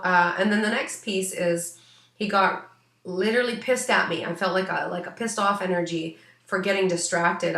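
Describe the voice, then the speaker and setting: A woman's voice: on the low side, fairly bright tone, roomy sound. A woman working as an animal psychic, giving a rambling, casual reading full of fillers. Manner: rambling, many fillers, chatty. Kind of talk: casual spoken reading for a client.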